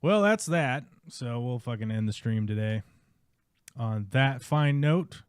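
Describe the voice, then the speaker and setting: A man talks through his game in a casual, muttering, wry way, like a streamer thinking out loud. His voice sits at an ordinary middle pitch. The sound is dry and close, with no room around it. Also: lively intonation, slow pace, clear, resonant tone, no room sound. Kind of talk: casual live gameplay commentary.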